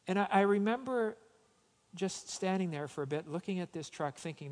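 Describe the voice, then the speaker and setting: A man's voice: high-pitched, animated, normal speed, a little mellow, in a large hall. A man preaching a sermon, telling a personal story and then urging his listeners with rising emphasis. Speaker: pastor.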